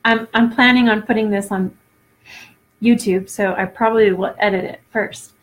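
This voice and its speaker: A woman in her forties talking off the cuff to a camera, halting and earnest, close to tears, with many fillers and restarts. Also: mid-range voice, fairly even intonation. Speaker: vlogger. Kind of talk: unscripted personal talk to camera.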